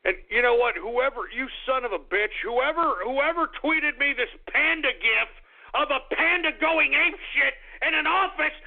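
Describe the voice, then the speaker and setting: A man's voice: extremely high pitch, animated, normal speed. A man hosting a radio talk show, ranting in an agitated, swearing, stammering way. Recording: tinny phone-like radio audio.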